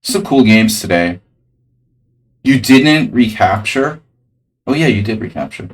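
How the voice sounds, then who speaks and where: A man's voice: on the low side, animated, unhurried, distant mic, low-quality recording. A man streaming chess, thinking aloud over his moves with dry, jokey asides. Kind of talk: live-stream chess commentary.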